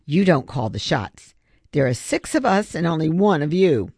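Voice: medium pitch, big pitch swings, moderate pace, creaky, darkish tone, no room sound, studio quality. An audiobook reader voicing a determined schoolboy who leads a heist crew, talking in an intense, commanding way. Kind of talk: audiobook character voice.

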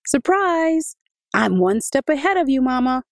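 A woman voicing an eager, excited little village boy in a high, bouncy voice. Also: measured pace, dry recording, clean studio sound, exaggerated voice.

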